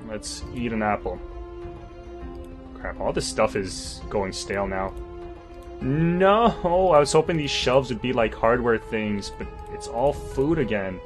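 A man commentating his own zombie game playthrough, swearing, joking and talking to himself in exasperation. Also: fairly low pitch. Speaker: gamer. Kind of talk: let's play commentary.

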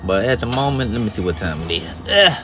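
A man, a flatbed truck driver talking casually to viewers from his truck, slow and drawling, venting and cussing. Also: mid-range voice, background noise. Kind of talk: casual vlog talk to viewers.

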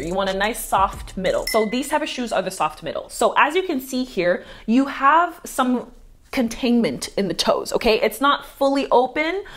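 A woman heels dance instructor giving a casual tutorial, chatty and playful, talking straight to her viewers. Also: a little high.

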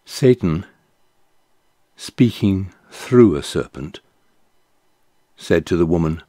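A man giving a slow, measured scripted reading of a Bible passage. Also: low-pitched, expressive, dark tone, dry recording, clean studio sound. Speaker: scripture reader.

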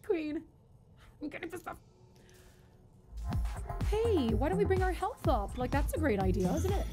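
A woman's voice: high-pitched, big pitch swings, a little fast, over music. A woman streaming a game live, commentating with panicky outbursts and swearing, and chatting with her viewers between fights. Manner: chatty, thanks and talks to viewers.

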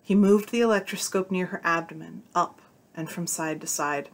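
Female narrator with a lowish voice; reads fiction aloud, voicing characters lightly. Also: moderate pace. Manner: voices the characters' dialogue with shifts of tone. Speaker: narrator reading a short story aloud. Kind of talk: audiobook-style story reading.

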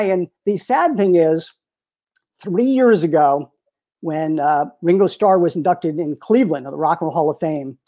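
A man in his sixties, a retired publicist and interview guest, telling lively anecdotes with frequent chuckles. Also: a little high. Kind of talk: storytelling in a casual interview.

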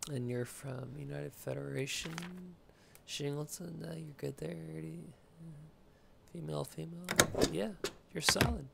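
A man's voice: fairly high pitch, little pitch movement, unhurried, gravelly, background noise. A man giving loose let's play commentary while playing a game, rambling, joking and swearing casually. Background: video game music.

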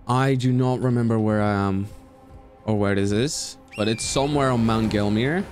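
A man's voice: fairly low pitch, normal speed, soft background music. A man casually commenting on his game as he plays, talking to the characters and swearing. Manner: animated, swears, talks to the game, yelps and squeals. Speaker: gaming streamer.

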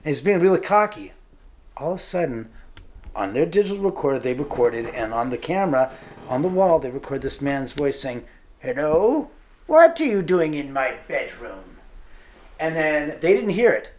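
A man showing guests around his house indoors and telling lively stories, acting out the voices of others. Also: on the high side, brisk. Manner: lively, acts out quoted voices. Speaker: homeowner giving a house tour. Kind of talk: animated storytelling.

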